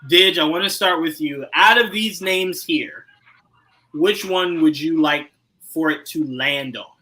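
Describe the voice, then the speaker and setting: Bright-voiced animated man, podcast host. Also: rough recording. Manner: animated, laughing, swings from low asides to loud outbursts. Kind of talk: casual chat.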